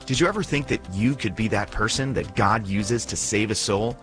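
A man's voice: fairly low pitch, normal speed, fairly bright tone. A man reads a scripted radio advertisement. His tone is earnest. He asks the listener rhetorical questions. Faint music plays underneath. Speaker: announcer.

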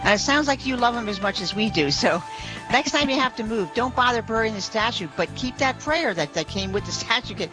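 A woman co-hosting talk radio, calm and reassuring as she advises a caller. Music plays clearly under her voice. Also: fairly high pitch, a little fast, poor audio. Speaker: radio co-host. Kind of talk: call-in religious talk radio.

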